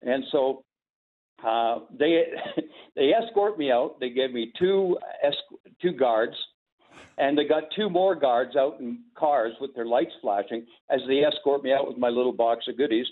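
A man's voice: mid-range voice, unhurried. An older man tells rambling stories and chuckles through them, acting out the lines of the people in them. His voice comes through a thin, tinny, phone-like line. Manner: chuckling, rambling anecdotes with quoted dialogue. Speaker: podcast guest, former sportscaster. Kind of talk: casual storytelling.

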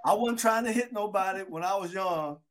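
Over a loud crowd, a man in his sixties speaks in a high, brisk voice, recounting stories of his youth to old friends at a casual reunion. He's an animated storyteller who acts out the quotes.

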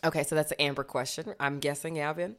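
A young woman co-hosting a podcast, chatting casually and telling animated stories full of fillers. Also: low voice, fast talker. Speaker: podcast co-host. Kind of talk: casual chat.

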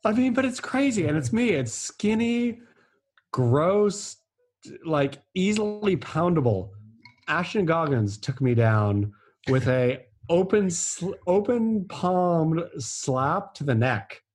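Co-host, man, husky voice, pitch swings widely, emphatic and joking. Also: big pitch swings, slow, a little mellow. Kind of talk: casual chat.

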